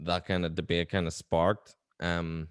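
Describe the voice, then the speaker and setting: Rambling man, lowish voice. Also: little pitch movement, measured pace, clean tone. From Ireland. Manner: rambling, hesitant, then emphatic. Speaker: podcast host, actor. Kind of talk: casual interview chat.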